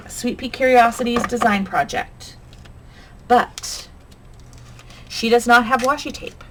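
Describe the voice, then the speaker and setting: This crafting channel host has a fairly high-pitched voice and talks slowly, leaving long pauses. Chatty and relaxed, she hums and mutters to herself while working on her projects, and there's noticeable noise in the background.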